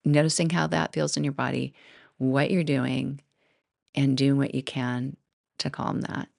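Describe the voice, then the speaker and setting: A woman's voice: rumbling low, little pitch movement, unhurried, creaky, no room sound, clean studio sound. A middle-aged woman hosting her own podcast, telling personal stories in a rambling, casual way with frequent laughs and asides. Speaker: podcast host. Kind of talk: casual solo podcast talk.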